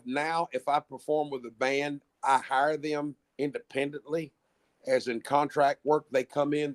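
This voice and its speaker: A middle-aged man, a musician guest, telling long rambling stories in casual chat, with frequent restarts and swearing. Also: fairly high pitch. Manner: rambling, profane, many restarts. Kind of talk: casual storytelling.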